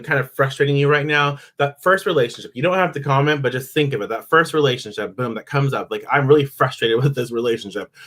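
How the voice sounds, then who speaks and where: A chatty man hosting a live oracle card reading talks loosely and conversationally. He breaks off to greet viewers by name and slips into little grumbling voices to make his point. His speech is middle in pitch. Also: fairly bright tone. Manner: acts out grumbling inner voices. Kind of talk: casual live-stream spiritual talk.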